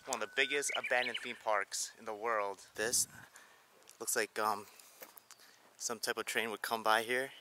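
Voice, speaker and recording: A man vlogging as he explores a large abandoned theme park outdoors, talking excitedly to a handheld camera as he walks. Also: lowish voice, normal speed, long pauses, background noise. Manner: excited, wide-eyed, talks to camera while walking. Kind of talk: casual vlog narration.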